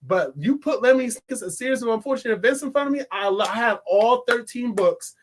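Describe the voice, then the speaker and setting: A young adult man talks to his viewers about a film in a high, light voice. He rambles, restarts his sentences and drifts into joking asides in a relaxed, casual way. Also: fast, slight background noise. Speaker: movie reviewer. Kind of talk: casual vlog monologue.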